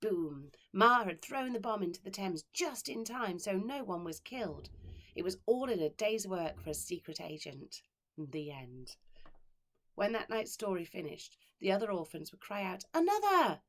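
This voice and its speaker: A woman who teaches primary school, reading a children's story aloud with expressive delivery and dramatic pauses. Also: mid-range voice. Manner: expressive, dramatic pauses, slows on key words.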